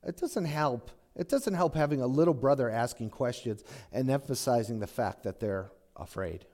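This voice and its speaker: A male pastor giving a sermon in an animated, conversational storytelling manner. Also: mid-range voice, moderate pace.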